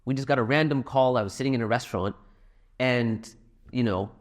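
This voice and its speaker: A man's voice: mid-range voice, fairly quick. A middle-aged man speaking to a live audience in a hall, telling anecdotes and making a donation appeal in a conversational way. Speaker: speaker at a fundraising talk.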